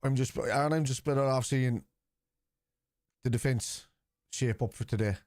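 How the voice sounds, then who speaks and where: A man's voice: mid-range voice, a little slow, darkish tone, no room sound, studio quality. A man hosting a live football watchalong, chatting casually and answering viewers' comments.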